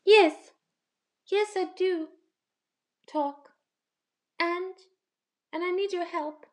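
A woman's voice: very high voice, fairly even intonation, very slow, voice pushed up, full character voice. A woman voicing a small, worried talking bumblebee that stammers and repeats words.

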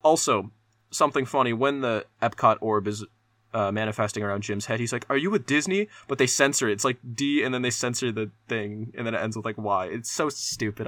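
A young man talks through a movie review on his podcast, rambling and swearing, with lots of "like" and restarts. His voice is bright and forward. The sound is dry and close, with no room around it. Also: mid-range voice, no room sound. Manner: rambling, profane, lots of fillers. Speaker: podcast host. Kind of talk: casual solo movie review.

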